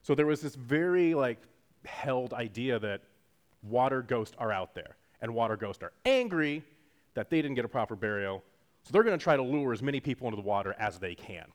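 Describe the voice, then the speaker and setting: A man's voice: mid-range voice, lively intonation, fairly quick. A man preaching a sermon in a casual, jokey teaching style, acting out quotes as he goes. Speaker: pastor.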